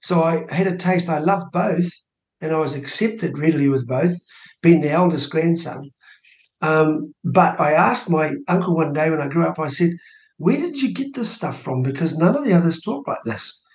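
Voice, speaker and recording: A man in his sixties from New Zealand, guesting on a radio show as an election candidate, tells a family story and acts out the voices of those he quotes. His fairly high voice moves at a moderate pace, and the casual interview is recorded in an echoey room.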